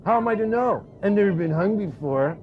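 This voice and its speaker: A man voicing a cheeky hunchbacked puppet husband in a squeaky singsong voice, on a dull lo-fi recording. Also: lively intonation, a little fast, a little hiss or hum. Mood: mock-innocent.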